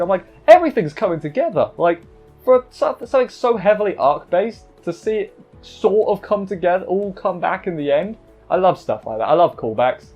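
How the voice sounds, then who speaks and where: A man's voice: on the high side, muffled recording. A man talking through an anime episode review in a rambling, chatty way, often stopping to correct himself. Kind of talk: casual spoken review.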